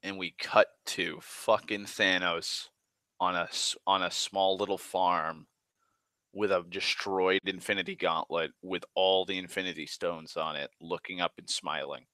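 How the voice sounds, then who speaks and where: Low male voice, bright and dry, rambling profane movie recap with stumbles. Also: measured pace, dry recording. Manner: profane, excitable, rambling with restarts. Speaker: movie vlogger.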